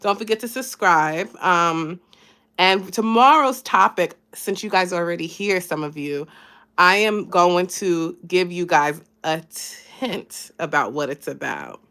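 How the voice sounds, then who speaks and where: A woman's voice: fairly low pitch, expressive, a little slow, bright, forceful tone. Chatty woman life coach on a live stream. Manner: chatty and encouraging, thanks viewers by name. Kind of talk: casual motivational live chat.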